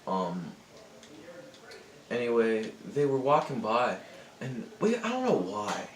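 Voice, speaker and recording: A man's voice: medium pitch, wildly swooping pitch, takes it slowly, reverberant. A young man casually telling a rambling, profane story over gameplay, often cutting himself off. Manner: rambling, profane, self-interrupting. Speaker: gaming channel host. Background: other people in the house.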